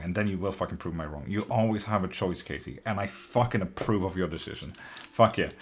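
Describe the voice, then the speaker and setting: A man's low-pitched voice moves fairly quickly over slight background noise as he hosts a live tarot stream. He chats loosely with viewers and reads their comments, swearing freely, laughing often, and being openly emotional and affectionate.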